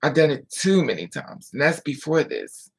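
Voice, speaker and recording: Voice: mid-range voice, sing-song, normal speed, husky. A vlogger telling a painful personal story in a blunt, raw way, repeating phrases and swearing freely.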